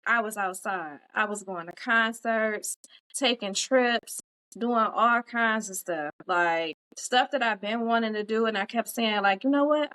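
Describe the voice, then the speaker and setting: A woman's voice: medium pitch, fairly bright tone, poor audio. A woman co-hosting a podcast, talking earnestly and casually, with many "like" fillers, about living fully. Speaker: podcast co-host.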